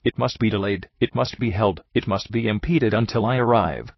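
A man voicing an excitable, flowery French detective who talks theatrically, on a dull, dry, lo-fi recording. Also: lowish voice, normal speed, gravelly, breathy edge, no echo. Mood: urgent. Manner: theatrical, effusive, exclamatory.

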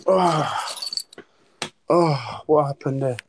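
A man's voice: on the high side, extremely slow, background noise. A man hosting a livestream, chatting casually in slang and bantering with viewers. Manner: laid-back, slang-heavy, banters with viewers. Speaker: livestream host.

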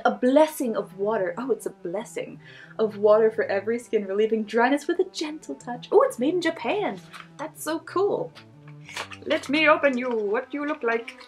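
A woman's voice: fairly high pitch, lively intonation, a little slow, faint music behind. A young woman vlogger casually unboxing beauty products, gushing and giggling as she reads labels aloud.

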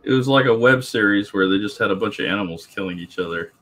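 A man's voice: fairly low pitch, fast, fairly bright tone. A man joking and teasing in casual chat. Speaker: co-host.

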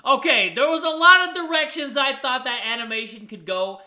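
A young male host talks in a high, bright voice, tossing out puns and quick jokes as he reacts to cartoons. His tone is loose and conversational. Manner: joking, punning. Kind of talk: casual reaction commentary.

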